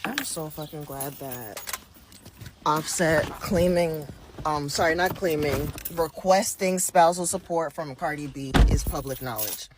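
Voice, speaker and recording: A woman's voice: low voice, measured pace, background noise. A woman giving casual commentary, mocking and slangy and swearing freely.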